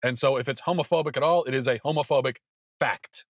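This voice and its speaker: Fast-talking and medium in pitch, this man in his thirties hosts an opinion podcast, delivering an emphatic monologue full of stammered restarts. The recording is studio quality with no echo.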